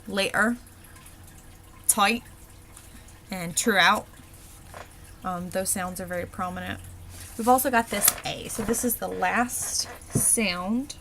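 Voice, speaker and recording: A woman dialect coach walking through an accent worksheet, pausing often with ums as she explains the sounds. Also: medium pitch, background noise. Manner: halting, many ums and pauses.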